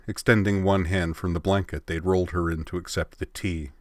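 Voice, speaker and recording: A man narrating a story aloud in a measured, expressive reading. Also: low-pitched, dry recording.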